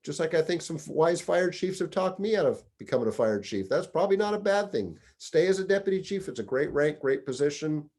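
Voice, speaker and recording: Conversational middle-aged fire chief. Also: male voice, fairly high pitch, lively intonation, fairly quick, hardly any pauses, darkish tone. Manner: conversational storyteller, acts out quoted dialogue. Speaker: deputy fire chief giving career advice. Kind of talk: casual advice talk.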